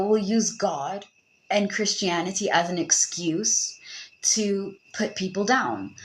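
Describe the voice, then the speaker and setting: A young woman hosting a podcast, giving casual advice in an animated, joking way with frequent swearing. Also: medium pitch, a little hiss or hum, poor audio. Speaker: podcast host.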